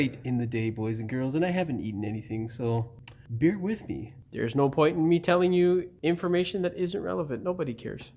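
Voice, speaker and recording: A man's voice: fairly high pitch, normal speed, darkish tone, a little hiss or hum. A middle-aged man hosting a car repair channel, recording voice-over takes and cursing and laughing at himself as he flubs his lines. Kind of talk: blooper reel of voice-over takes.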